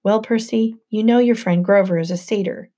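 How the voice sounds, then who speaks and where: A woman's voice: medium pitch, normal speed, lightly acted. A woman reading a kindly, patient old-style teacher. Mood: gentle. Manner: gentle and formal. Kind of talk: audiobook narration.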